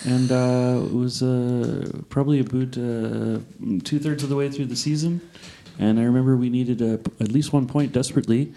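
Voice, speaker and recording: Casting: a man as a deadpan hockey star, low, mumbled and halting, lots of pauses. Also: lightly acted. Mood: calm.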